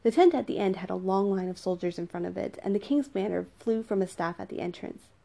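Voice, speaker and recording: A woman narrating a novel in an even storytelling manner. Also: mid-range voice, fast talker, vocal fry. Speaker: audiobook narrator. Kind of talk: scripted narration.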